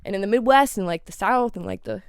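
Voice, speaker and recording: A woman's voice: mid-range voice, quick pace, clear, resonant tone, dry recording, studio quality. Profane young New England woman ranting. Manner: animated, profane, lots of "like" fillers. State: getting over a cold. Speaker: podcast host. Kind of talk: casual solo podcast rant.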